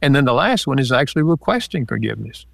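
A man guest, an author and counselor, calmly explaining ideas step by step with examples in a relaxed interview. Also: medium pitch, quick pace, gravelly, no room sound.

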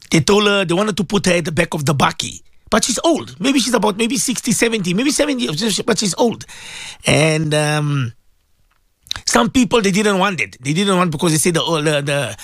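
A man's voice: sits high, fairly bright tone, no room sound, clean studio sound. A man with a South African accent, a radio host and Muslim cleric, giving impassioned commentary full of repetition and rhetorical questions.

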